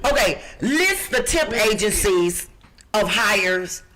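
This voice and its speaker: A woman from Chicago reading out job listings on a podcast in a rough, low voice, emphatic and bossy. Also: expressive, slow pace, bright, forceful tone. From Chicago, USA. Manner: emphatic, bossy, talks back to co-hosts. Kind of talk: lively podcast talk.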